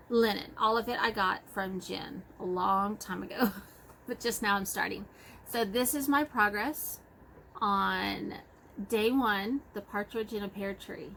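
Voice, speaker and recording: A woman's voice: medium pitch, fairly bright tone, a little hiss or hum, low-quality recording. A woman with a Texas accent chatting casually about her cross-stitch projects, rambling and correcting herself as she goes. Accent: Texan. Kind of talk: casual show-and-tell chat.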